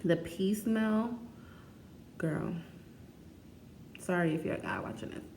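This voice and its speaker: A woman's voice: medium pitch, slow, background noise. A woman vlogging casually, talking frankly and chattily and laughing often. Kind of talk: candid casual vlog talk. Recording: echoey room with faint ambience.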